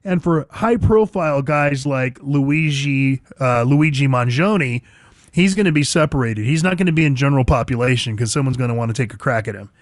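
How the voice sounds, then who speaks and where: A man hosting talk radio, blunt and opinionated, chatting easily between hard takes. His voice is mid-pitched and sits close to a studio mic with a dry, dead sound. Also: moderate pace, no echo. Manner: blunt, conversational, reminiscing with his producer. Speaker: radio show host.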